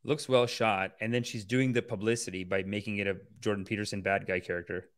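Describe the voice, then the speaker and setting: A man hosting a podcast, chatting casually and reacting to a film trailer in an animated, profane, rambling way. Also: lowish voice, fairly quick. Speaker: podcast host.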